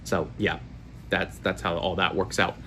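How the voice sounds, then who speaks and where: A man's voice: low voice, flat delivery, measured pace, noisy background. A man in his twenties from Florida, telling rambling, profane stories in a casual chat. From Florida, USA. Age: 20s. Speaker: YouTuber. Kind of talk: casual storytelling to camera.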